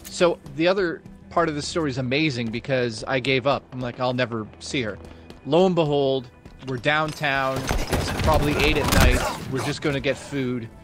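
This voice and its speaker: A man streaming a game who reads out donations and tells animated stories in casual chat, swearing freely. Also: mid-range voice, moderate pace, hardly any pauses. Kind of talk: casual chat while gaming. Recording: game music loud underneath.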